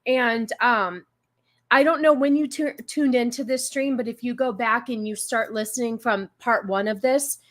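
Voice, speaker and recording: A woman's voice: fairly high pitch, normal speed, a bit bright. A woman hosting a casual live stream, greeting viewers and musing aloud with many fillers and restarts. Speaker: stream host.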